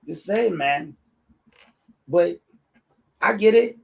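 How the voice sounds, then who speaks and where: A man's voice: high-pitched, expressive, very slow, creaky, rough recording. A man hosting his own show, ranting in a combative and mocking commentary. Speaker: host and local activist.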